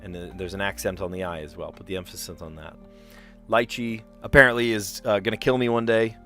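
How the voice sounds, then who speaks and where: A man's voice: sits low, flat delivery, brisk, bright, forceful tone, faint music behind. A man chatting casually on a puzzle live stream, rambling and explaining where words come from. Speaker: streamer playing word puzzles.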